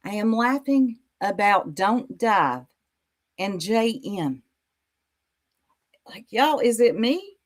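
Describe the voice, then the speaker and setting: Sassy lady roasting a stream clip, voice bouncing all over the place, slow drawl. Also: mid-range voice, sing-song. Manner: sassy, mocking, talks straight to viewers. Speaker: YouTube commentary host. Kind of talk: reaction commentary on a livestream clip.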